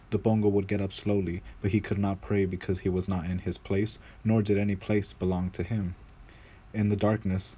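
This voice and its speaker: A man narrating a folk tale in a measured, grave reading voice, with a few small restarts. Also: deep voice, mellow, husky, rough recording. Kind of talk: storybook narration.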